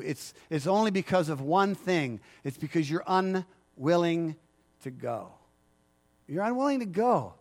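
A middle-aged male pastor preaching a sermon, emphatic and repetitive, asking the congregation for agreement. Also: high voice.

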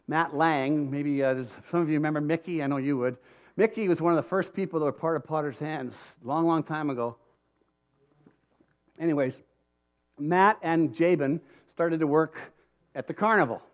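A middle-aged man preaching a sermon, telling a personal story in a conversational way that swings from quiet asides to loud emphatic peaks. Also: fairly high pitch. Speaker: pastor.

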